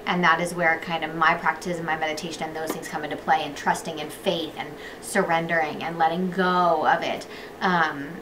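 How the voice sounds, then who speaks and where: A young woman vlogger talking earnestly to camera, heartfelt and dropping to a hush when it gets emotional. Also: sits low, level tone, moderate pace, background noise. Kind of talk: casual chat to camera.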